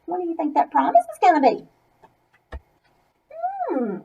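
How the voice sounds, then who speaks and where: A woman's voice: high voice, big pitch swings, moderate pace, vocal fry, pauses often, mellow, lo-fi sound. A woman reading a children's story aloud, breaking off for chatty asides to young listeners. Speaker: masked reader.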